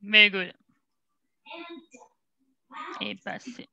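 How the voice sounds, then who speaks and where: A woman's voice: mid-range voice, level tone, very slow, gravelly, bright, forceful tone, lo-fi sound. A woman tutoring French one-on-one, patiently correcting and prompting her student. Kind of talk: one-on-one language lesson.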